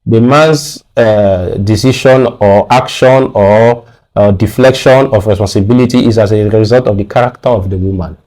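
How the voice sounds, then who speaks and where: A man's voice: fairly low pitch, normal speed, darkish tone. A man with a Nigerian accent, a guest on a radio talk show, arguing his views firmly and repeating words when pressed.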